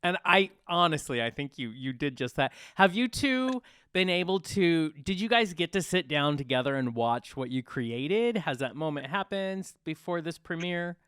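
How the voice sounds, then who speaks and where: A man's voice: fairly high pitch, animated, moderate pace, few pauses, fairly bright tone, smooth, dry recording, clean studio sound. A male podcast host asking his guests eager, stacked questions. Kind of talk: interview questions.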